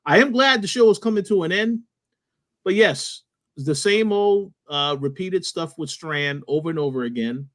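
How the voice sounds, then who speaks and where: A man co-hosts a podcast in a calm, measured way. His voice sits a little higher than most men's, and he often pauses with small hesitations as he talks. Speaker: podcast co-host. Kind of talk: casual podcast discussion.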